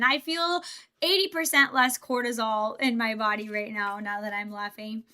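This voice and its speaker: High, bright, giggly woman streamer. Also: fairly even intonation, moderate pace. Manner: giggly, thinks aloud as she builds. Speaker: livestreamer. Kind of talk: casual livestream chat while building Lego.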